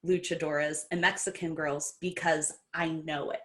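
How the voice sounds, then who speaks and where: A woman's voice: low-pitched, moderate pace. A woman from Brazil, a professional wrestler and podcast guest, telling stories in casual talk and acting out what people said. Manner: animated, acts out quoted dialogue. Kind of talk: casual storytelling interview.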